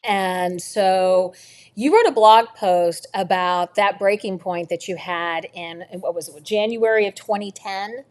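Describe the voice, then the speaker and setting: A woman hosting a book club interview over a video call, asking questions in a conversational, halting way. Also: mid-range voice.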